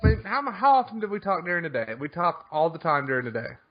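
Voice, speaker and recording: A man co-hosting a gaming podcast, talking fast and defensively in casual banter, often laughing. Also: a little high, very animated. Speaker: podcast co-host. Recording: dull lo-fi online podcast audio.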